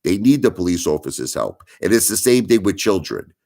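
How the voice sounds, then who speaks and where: A deep-voiced middle-aged man hosting a livestream. He rants with indignation, circles back on his points and keeps pleading with his viewers to listen. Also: big pitch swings, brisk, a little mellow. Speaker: livestream host. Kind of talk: ranting livestream monologue.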